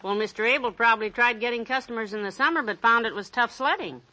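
An actress playing a cheerful, gently teasing housewife in 1940s radio comedy. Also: female voice, a little high, fast. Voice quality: warm-humored, gently teasing.

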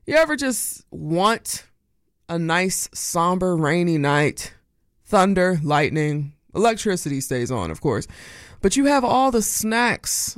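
A woman's voice: on the low side, dry recording. A woman hosting a music radio show, chatting playfully between songs with jokey asides in a studio. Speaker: radio DJ host. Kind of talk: radio DJ patter. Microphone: studio microphone.

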